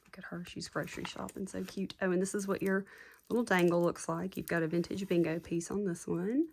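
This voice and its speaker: A woman's voice: fairly low pitch, level tone, brisk, vocal fry, a little hiss or hum. A woman chatting casually and gushing as she shows off handmade journals to her viewers. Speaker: craft seller showing handmade junk journals. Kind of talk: casual show-and-tell chat.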